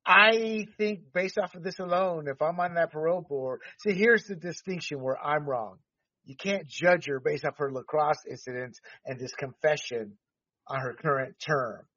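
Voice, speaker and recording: Here a Panama-raised podcast host, his voice a little high and fairly bright, delivers fiery political rants laced with profanity. The audio is dull and dry, recorded far from the microphone.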